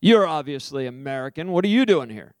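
A preacher putting on a brusque taxi driver. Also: male voice, on the high side, expressive, fairly quick, no room sound, clean studio sound, close to an everyday voice. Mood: curious, blunt. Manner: blunt, challenging questions.

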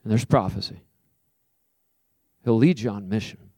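A man's voice: fairly low pitch, no room sound. Male preacher telling a story, dry sound. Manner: storytelling with lively acted-out quotes; soft, slow prayerful invitation. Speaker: pastor. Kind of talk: sermon.

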